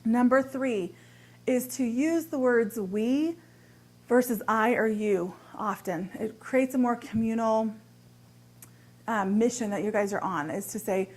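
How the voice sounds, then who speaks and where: Woman, fairly high voice, upbeat, expressive, marriage coach, advice talk to camera. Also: a little slow. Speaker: marriage and body language coach.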